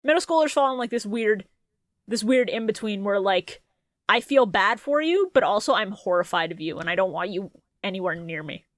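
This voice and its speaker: A woman co-hosting a casual podcast chat, profane and quick to laugh, with animated outbursts. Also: medium pitch, no echo. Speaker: podcast co-host.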